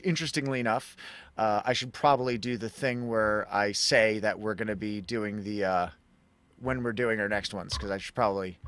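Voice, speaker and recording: A man with a medium-pitched voice hosts a casual live stream from home, with no echo in the sound. A livestream host and magician, he rambles, interrupts himself, and chuckles in asides as he chats with viewers.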